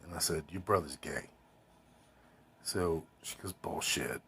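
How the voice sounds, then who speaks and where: A man's voice: a bass voice, unhurried, pushed and bright, a little hiss or hum. A man telling a rambling personal anecdote in a casual, swearing way, quoting other people as he goes. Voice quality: very husky. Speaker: storyteller.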